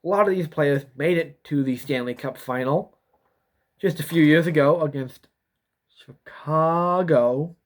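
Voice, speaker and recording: A man's voice: on the high side, a little slow. A young man in a casual vlog, rambling and repeating himself as he talks through a prediction, yawning now and then. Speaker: YouTuber giving sports predictions.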